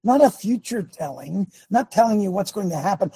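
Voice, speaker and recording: A man's voice: sits high, animated, moderate pace, gravelly, hardly any pauses, dark tone, husky, dry recording. A man preaching casually on a live show, folksy and emphatic, calling out to his tech crew.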